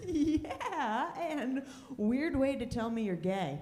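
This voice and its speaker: Woman comic, stand-up set, animated delivery, roomy club stage sound. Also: fairly high pitch, a little slow, a little hiss or hum. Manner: wry, deadpan punchlines with lively asides. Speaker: stand-up comedian.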